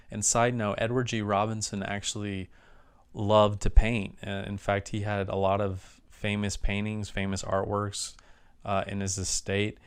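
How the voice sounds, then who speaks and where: Male film reviewer, low smooth voice, loose rambling plot recap. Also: flat delivery, a little slow. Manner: rambling plot recap with frequent restarts and fillers. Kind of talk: casual spoken movie review.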